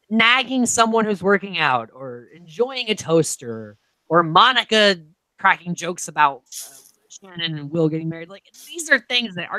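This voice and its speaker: A young woman chats casually as a podcast co-host, her pitch bouncing all over as she tells the story and acts out each quote. Her voice sits on the low side but rings bright and sharp. The sound is dry and close, with no room around it. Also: no room sound, low-quality recording. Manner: animated storytelling, acts out quotes, laughs often, swears casually. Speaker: podcast co-host recapping a reality show. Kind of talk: casual chat.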